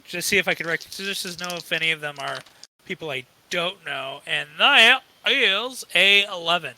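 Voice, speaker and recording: A man's voice: sits high, animated, sharp tone, slight background noise, low-quality recording. A man playing a tabletop game with friends, chatting casually in a playful, joking way. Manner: playful, joking, quick to laugh.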